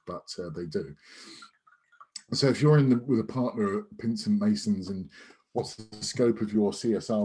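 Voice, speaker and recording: Over a video call, a man from the United Kingdom runs an online sales masterclass as a sales trainer. His lowish, dark voice comes across conversational and emphatic, with frequent fillers and restarted sentences.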